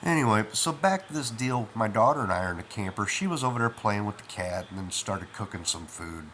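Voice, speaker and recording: A man's voice: on the low side, lively intonation, fairly quick, a bit bright, slight background noise. A middle-aged man, half asleep, rambling through a first-person story with lots of fillers. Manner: rambling, with many fillers like "you know" and "man".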